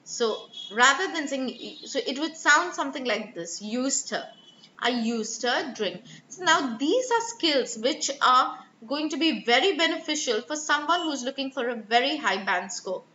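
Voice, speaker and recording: A woman's voice: high-pitched, lively intonation, normal speed, hardly any pauses, sharp tone, echoey room, highs cut off, slight background noise. A woman teaching an online exam-prep speaking lesson, explaining with spoken examples and frequent fillers and self-corrections. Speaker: IELTS speaking trainer.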